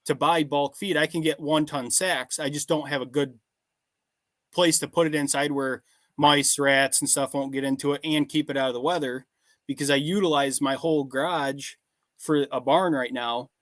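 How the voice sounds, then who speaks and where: A man in his thirties with a slightly high voice, recorded dry and close, speaking plainly about his work as a podcast guest. His manner is matter-of-fact and easygoing. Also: steady tone, normal speed, fairly bright tone, no room sound. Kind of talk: casual podcast chat.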